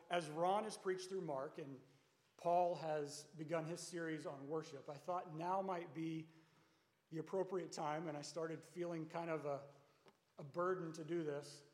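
Pastor, man, high voice, easy conversational sermon with rhetorical questions, roomy sanctuary sound. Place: church sanctuary. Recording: echoey church sanctuary with long reverb.

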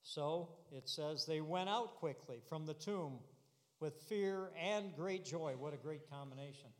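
A man's voice: on the high side, measured pace. A man preaching a sermon, earnest and building to emphatic, repeated declarations. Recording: long reverb of a hall.

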